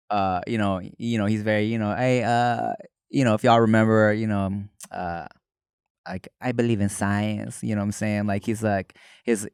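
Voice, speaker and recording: A man's voice: lowish voice, darkish tone, smooth, dry recording, studio quality. A man co-hosting a podcast, telling rambling stories full of fillers, laughing as he goes. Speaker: podcast co-host. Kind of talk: casual chat, storytelling.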